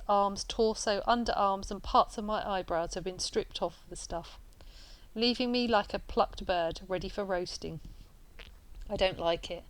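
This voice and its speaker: A woman reading a novel aloud at a steady pace, with small slips and restarts now and then. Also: medium pitch, low-quality recording. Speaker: reader.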